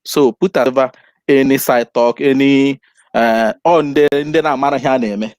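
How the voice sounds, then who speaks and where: A man calling in to give advice, talking haltingly with many pauses. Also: medium pitch, steady tone, darkish tone, no room sound. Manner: halting, hesitant, with fillers. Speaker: caller. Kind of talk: call-in advice.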